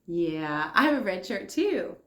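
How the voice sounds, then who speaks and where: A woman teacher leading circle time for young children. She talks slowly and encouragingly, pausing as if for little ones to answer. Her voice rings a little in an echoey room. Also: lowish voice, very animated, fairly bright tone. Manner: slow, encouraging, replies to imagined children's answers. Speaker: kindergarten teacher.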